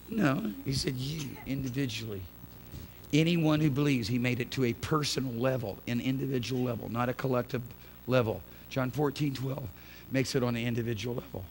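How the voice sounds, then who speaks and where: A man preaching a sermon in church, swinging from quiet conversational asides to loud, impassioned bursts with folksy turns of phrase. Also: medium pitch, normal speed, a little hiss or hum. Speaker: pastor. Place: church sanctuary.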